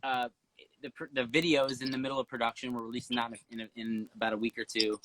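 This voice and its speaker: A man's voice: medium pitch, little pitch movement, quick pace, a bit bright, no room sound, rough recording. A young man, a singer guesting on a phone livestream from home, joking and chatting with playful energy. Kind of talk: casual chat. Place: home, indoors.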